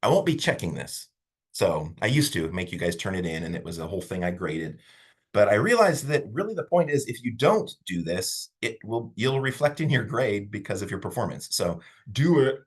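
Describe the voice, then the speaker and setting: Man teaching online class, low voice, husky edge, swoops in pitch, casual and rambling, computer mic. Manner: casual, animated, rambling with fillers. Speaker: college instructor.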